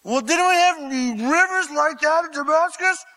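A puffed-up, indignant commander, put on by a man. He blusters with a high, lively voice that leaps around, and he is bright and forceful. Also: unhurried, big-room sound, heavily acted. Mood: outraged. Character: pompous proud foreign army commander, man.

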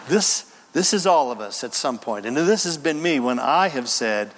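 A man preaching a sermon as pastor, emphatic and animated, going verse by verse with asides to the congregation. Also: medium pitch, measured pace. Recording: reverberant hall.

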